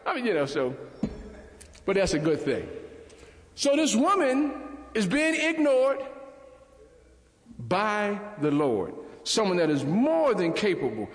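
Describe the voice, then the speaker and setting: A man preaching a sermon in a church, animated and calling out to the congregation. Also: sits high, slow pace, long pauses. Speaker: pastor. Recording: echoey church hall.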